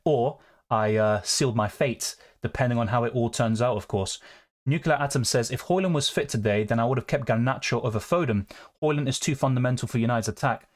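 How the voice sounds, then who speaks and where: A young man chatting casually on a live stream, answering viewer questions in a relaxed, conversational way. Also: medium pitch. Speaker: fantasy football streamer.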